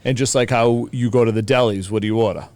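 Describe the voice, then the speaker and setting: A man's voice: medium pitch, steady tone, fast talker, darkish tone. A man with a Boston accent, a podcast guest from the Boston area, chatting casually and teasing his host. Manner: playful, teasing, coaching.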